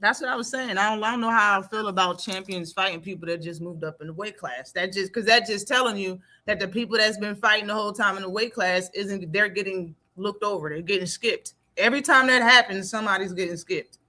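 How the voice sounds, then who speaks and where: A woman hosting a casual live talk stream, blunt and animated, laughing often. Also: medium pitch, fairly quick, few pauses. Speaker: stream host. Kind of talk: casual chat.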